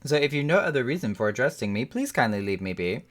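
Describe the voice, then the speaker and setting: A woman's voice: a bass voice, big pitch swings, quick pace, noisy background. A woman voicing a fussy, bookish young woman scholar with a put-on accent who rambles at length. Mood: prim. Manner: prim, wordy, rambling.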